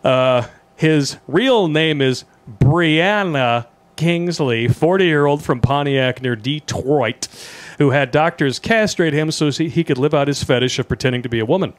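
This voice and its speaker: A man's voice: fairly high pitch, unhurried. Mocking, joking male podcast co-host. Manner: joking, laughing at his own jokes, mocking. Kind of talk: casual comedic news commentary.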